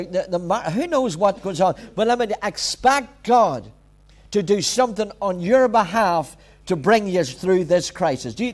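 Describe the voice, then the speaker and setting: Emphatic high-pitched pastor. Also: male voice, a little mellow. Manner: emphatic, repetitive preaching with direct exhortations. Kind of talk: sermon.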